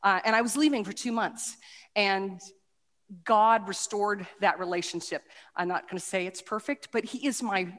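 A middle-aged woman tells her testimony at medium pitch, stumbling over restarts and fillers as she goes. She acts out the quoted voices animatedly. Her voice rings with the long reverb of a hall. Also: moderate pace, a bit bright. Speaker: speaker giving a testimony. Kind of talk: personal testimony talk with slides.

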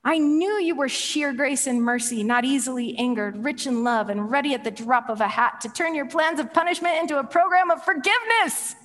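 A resentful, reluctant prophet, voiced by a woman preacher, gripes in a sarcastic, exasperated tone. The voice sits fairly high and carries a long hall reverb. It is a sermon retelling. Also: moderate pace, natural voice. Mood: furious.

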